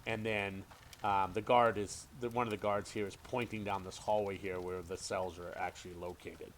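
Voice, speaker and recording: A man's voice: low voice, level tone, normal speed, slight background noise. Casual male game master, hesitant. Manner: casual, hesitant, many fillers. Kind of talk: narrating a tabletop game.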